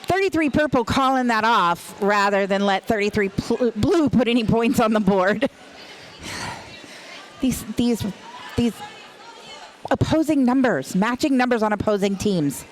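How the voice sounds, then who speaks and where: A woman's voice: fairly high pitch, lively intonation, unhurried, long pauses, slight background noise. A woman announcing a roller derby game live, chatty and playful, laughing often between calls. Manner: chatty, giggly, playful banter. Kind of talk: live play-by-play commentary.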